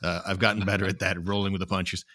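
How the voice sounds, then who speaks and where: A man's voice: low voice, flat delivery, fast, pushed and bright, no room sound, clean studio sound. A man hosting a casual sports podcast, upbeat and jokey, laughing easily as he chats. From Canada. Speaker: podcast host. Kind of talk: casual chat.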